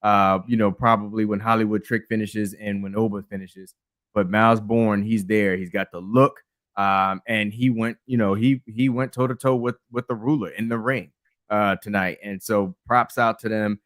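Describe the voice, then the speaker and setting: A man co-hosting a wrestling review podcast, relaxed and chuckling, talking through matches with lots of fillers. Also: fairly low pitch, no echo, clean studio sound. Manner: relaxed, laughing, halting with fillers. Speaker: podcast co-host. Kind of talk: casual wrestling review chat.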